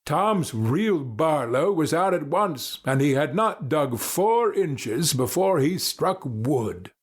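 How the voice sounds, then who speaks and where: A man narrating a story in a steady, storybook manner. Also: a little high, takes it slowly, husky. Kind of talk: scripted narration.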